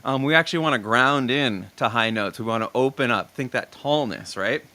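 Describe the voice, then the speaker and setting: A man leading a casual singing lesson, relaxed and full of ums and restarts as he explains breathing and warm-ups. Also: mid-range voice, normal speed. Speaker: vocal coach.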